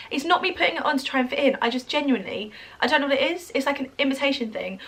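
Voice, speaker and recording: A woman with an English accent that drifts toward American, talking casually and quickly to camera as an influencer, with lots of "like" and "um". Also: high voice, expressive, pushed and bright. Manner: fast, chatty, full of "like" and "um". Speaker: social media influencer.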